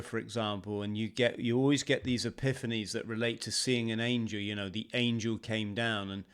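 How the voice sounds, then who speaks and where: A British man hosting a podcast interview, talking in a measured, reflective way with some hesitations. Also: medium pitch, clear, resonant tone. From Britain. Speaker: podcast host. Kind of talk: casual interview chat.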